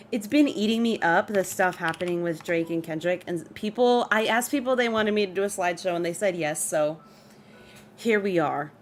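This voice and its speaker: A woman's voice: medium pitch, moderate pace, slight background noise. A woman streaming live, chatting casually about a rap feud, reading lyrics and greeting her chat. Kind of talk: casual livestream commentary.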